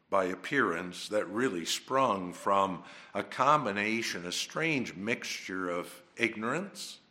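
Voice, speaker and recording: Slow, animated male preacher. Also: on the low side. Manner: emphatic, dramatic swings between soft and loud. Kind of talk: sermon.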